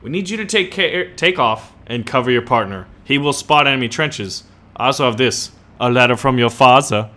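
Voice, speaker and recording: Man doing a German-accented WWI officer, formal and stern, bright tone, clipped military orders for a game video. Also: medium pitch, normal speed, lightly acted. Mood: commanding. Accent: put-on German accent.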